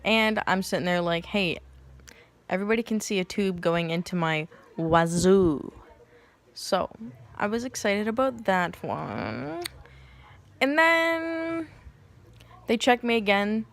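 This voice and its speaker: A young woman talks to camera in a loose, joking way, jumping into other people's voices as she tells her story. She is crude and quick to laugh, and her pitch sits in the middle for a woman. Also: gravelly. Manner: animated, acts out quotes in shifting voices. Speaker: vlogger. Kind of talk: casual storytime vlog.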